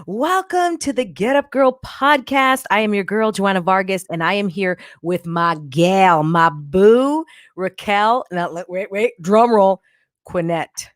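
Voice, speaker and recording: A woman's voice: mid-range voice, a little slow, dry recording, clean studio sound. Bubbly chatty woman podcast host. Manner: bubbly, chatty, playful slang. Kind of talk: live podcast interview.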